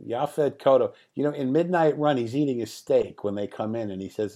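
Middle-aged male director guest, animated raconteur, mid pitch. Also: a little fast. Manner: lively raconteur, acts out quotes, laughs often. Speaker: film writer-director guest. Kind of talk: anecdotal interview storytelling.

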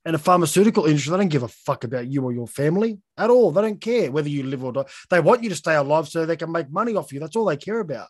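A man's voice: fairly high pitch, lively intonation, racing, few pauses, husky, no room sound, studio quality. A man hosting a casual podcast chat, blunt and heated, swearing as he talks.

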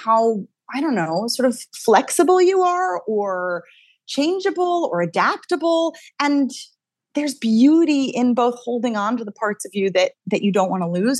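Energetic woman, dry sound. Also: on the high side, dry recording. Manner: energetic, thinks aloud with restarts. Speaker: dialect coach guest. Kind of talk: casual interview chat.

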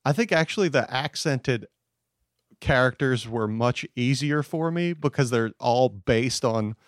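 A man's voice: mid-range voice, unhurried, no echo, clean studio sound. A man talking casually as a podcast guest, rambling with many fillers and restarts. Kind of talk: casual chat.

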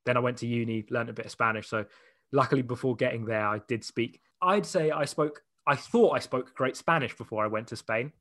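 A young Englishman talks freely as a guest in a relaxed interview. His speech is lively and loose, full of "like"s and quick restarts, and his voice sits at an ordinary middle pitch. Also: dry recording, studio quality. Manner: chatty and animated, loose with many "like"s and restarts. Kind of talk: casual conversational interview.

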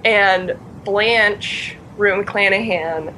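A woman's voice: mid-range voice, very slow, sharp tone, a little hiss or hum, rough recording. A young woman in casual chat, bubbly, giggly and emphatic as she tells a fan story.

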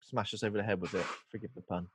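A young man co-hosting a casual film review podcast tells stories animatedly, acting out what the characters say. His voice is lowish and he talks at a racing clip, with a slight hiss or hum on the recording.

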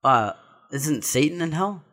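A man's voice: a little high, animated, measured pace, sharp tone. Man asking curious questions in chat. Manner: short reactions, curious questions. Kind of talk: casual chat.

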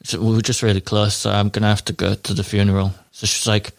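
A man's voice: fairly low pitch, quick pace, gravelly, hardly any pauses. A man chatting casually as a podcast co-host, retelling a show with acted-out quotes and frequent laughter. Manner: animated storyteller, acts out quotes, laughs often. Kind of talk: casual chat.

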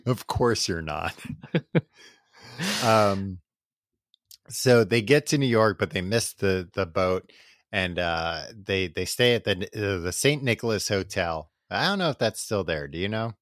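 Young guy podcast co-host, lower pitch, dry studio sound, casual storyteller who slips into quick character voices. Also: lively intonation, fairly bright tone, no room sound. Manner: rambling, acts out characters in throwaway voices. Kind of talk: casual chat, recapping a book.

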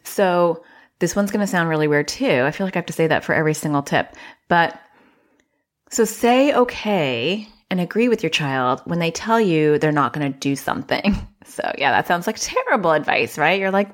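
A woman's voice: lowish voice, lively intonation, normal speed. A woman child therapist hosting a podcast, giving casual advice in a chatty, self-deprecating way and acting out little quotes.

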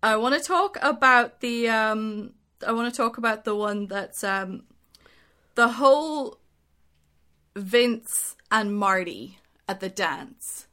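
A young woman in a relaxed conversation with a friend. She talks in long, winding runs. She often restarts her sentences and fills the gaps with "um" and "like.". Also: on the high side, slow. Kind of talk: casual chat.

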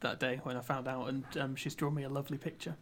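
A man's voice: medium pitch, flat delivery, quick pace, fairly bright tone, slight background noise. A man from Scotland hosting a casual comedy podcast, joking and self-mocking as he chats with his co-hosts. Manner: jokey, self-mocking, laughs often. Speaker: podcast host.

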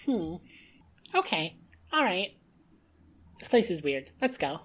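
A woman's voice: on the low side, big pitch swings, takes it slowly, a bit bright. A woman playing a tabletop game, speaking in character with hesitant restarts and easy amusement. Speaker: player.

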